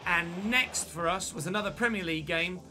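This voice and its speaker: Music plays behind a young man with a high-pitched voice who talks at a moderate pace. He hosts a gaming channel's football video game series, delivering chatty, match-commentator-style let's-play commentary and correcting himself as he goes.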